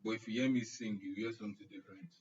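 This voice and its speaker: A young Nigerian man teaching online fires off rapid chat with his live-stream viewers, joking and replying to comments by name. His voice is fairly low, and the muffled, distant audio has a little hiss or hum.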